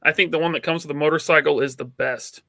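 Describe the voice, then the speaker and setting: A man's voice: a little high, fairly even intonation, quick pace, creaky, sharp tone, no echo. A man co-hosting a casual podcast, opinionated and teasing, with lots of fillers. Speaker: podcast co-host. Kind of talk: casual chat.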